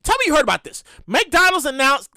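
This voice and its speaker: Animated, foul-mouthed woman podcast host. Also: high voice, brisk, no room sound, clean studio sound. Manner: animated, profane, repeats herself and acts out quotes. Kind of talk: casual solo podcast commentary.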